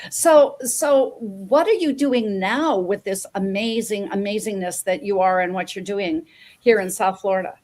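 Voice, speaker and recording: A woman hosts an interview show, chatting enthusiastically in an effusive, rambling way and often repeating words as she goes. Her mid-range voice has a darkish tone and a slightly slow pace.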